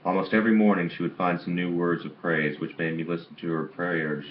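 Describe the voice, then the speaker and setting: A man's voice: deep voice, little pitch movement, a little fast. A man reading a novel aloud in an amateur way, stumbling and restarting on some words, on a dull lo-fi recording with faint hiss. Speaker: audiobook reader.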